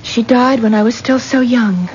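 An actress playing a young bride who is dreamy, earnest and defiant, in a radio drama. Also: female voice, a little high, normal speed, darkish tone, close to an everyday voice. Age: young adult. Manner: earnest, emotional. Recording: dull lo-fi radio play with faint noise.

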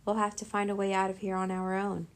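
A woman's voice: medium pitch, completely flat delivery, fast talker, lightly acted. A woman voicing an anxious but hopeful young boy in a children's storybook. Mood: urgent.

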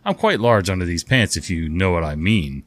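A man voicing a cocky, overconfident man in his thirties making pushy come-ons, pitched a little above his own voice. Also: expressive, normal speed, faint music behind. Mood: smug.

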